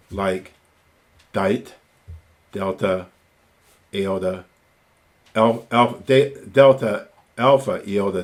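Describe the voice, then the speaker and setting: Guy teaching greek grammar, talks real slow, lowish voice, spells out every form. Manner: slow, deliberate, spelling out word forms; enthusiastic aside about grammar rules. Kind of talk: recorded lecture.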